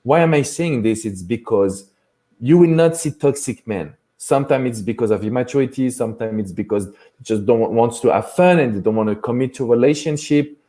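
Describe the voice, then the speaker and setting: French guy coaching on dating, dark mellow voice, halting, keeps restarting lines. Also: medium pitch. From France. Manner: halting, restarts phrases, earnest. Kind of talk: live Q&A chat.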